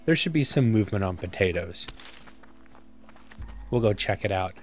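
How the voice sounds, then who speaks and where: A man's voice: lowish voice, animated, normal speed, soft background music. A man giving casual let's-play commentary as a gaming YouTuber, rambling and self-mocking as he thinks aloud.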